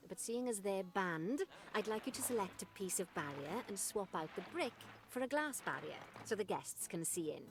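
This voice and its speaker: A woman's voice: mid-range voice, animated, moderate pace, hardly any pauses, background noise, natural voice. A woman voicing an upbeat, jokey zoo guide who walks the player through a game tutorial in a chatty scripted delivery with wry asides. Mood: cheerful instructing.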